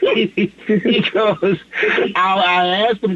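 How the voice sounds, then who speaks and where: A middle-aged man tells a story on a podcast in an animated, chatty way and voices the people in it. His voice sits fairly high for a man, and the recording is dull and muffled. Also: slow. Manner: animated, acts out the dialogue in his stories. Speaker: podcast co-host. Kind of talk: casual storytelling.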